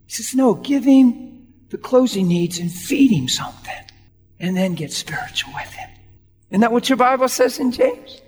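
A man preaching a sermon as a story, acting out the dialogue and swinging between hushed lines and shouts. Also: very high voice, animated, moderate pace. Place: church hall. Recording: church hall reverb with faint music.

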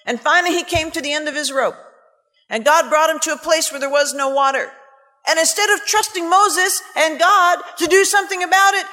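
A woman's voice: extremely high pitch, animated, normal speed, sharp tone. A woman preaching a sermon, impassioned and emphatic, with scornful asides and Scripture read aloud. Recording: long hall reverb, faint music.

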